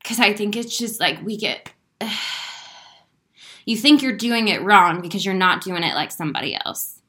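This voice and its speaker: An emotional woman speaks straight to her viewers in a spiritual, motivational talk. Her pitch sits at an ordinary middle height. She is earnest and heartfelt, swears casually and laughs through her feelings. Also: moderate pace, bright, forceful tone. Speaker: inspirational speaker.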